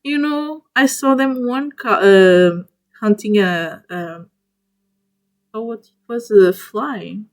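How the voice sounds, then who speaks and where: A woman's voice: mid-range voice, slow pace. A woman streamer chatting casually to viewers, gushing over each animal she ranks and talking to them directly, often stopping and restarting mid-word. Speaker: streamer ranking spiders in a tier list.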